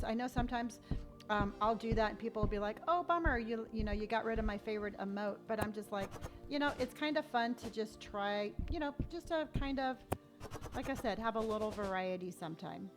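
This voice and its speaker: A chatty woman from Southern California runs a live game stream, warmly greeting viewers and reading their comments aloud. Her voice sits a touch high, and soft game music plays underneath. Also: moderate pace.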